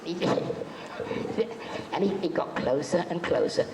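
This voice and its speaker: A man's voice: a little high, animated, a little slow, gravelly, crowd noise. Chatty man telling jokey stories in an echoey hall. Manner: jokey, chatty, acts out quotes. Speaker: convention panel guest. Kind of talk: anecdotal storytelling to a live audience. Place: convention hall. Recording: echoey hall, faint background noise.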